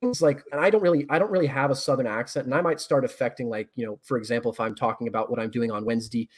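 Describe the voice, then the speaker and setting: Man from Northern Virginia, Mid-Atlantic accent, mid-pitched, articulate and a bit professorial, casual podcast talk. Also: racing. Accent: Mid-Atlantic American. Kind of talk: casual conversation.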